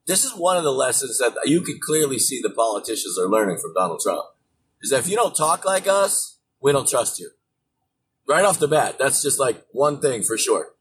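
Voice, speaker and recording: A man delivers profane, mocking political commentary with a lively voice that swings high and low. He sits a bit back from the mic, and a faint hiss runs under his voice. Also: distant mic, rough recording. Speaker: political podcast host.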